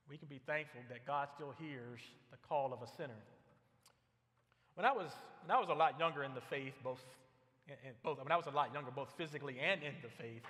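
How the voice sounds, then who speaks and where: A man's voice: fairly high pitch, brisk, a bit bright, long reverb tail. A man preaching a sermon as pastor, earnest and often repeating words as he builds a point. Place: church sanctuary.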